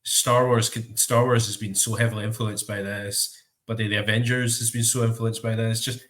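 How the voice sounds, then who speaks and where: A Scottish man co-hosting a podcast in casual chat. He rambles, stumbles over restarts and laughs often, with a slightly low-pitched voice. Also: level tone, moderate pace, a bit bright, a little hiss or hum. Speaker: podcast co-host.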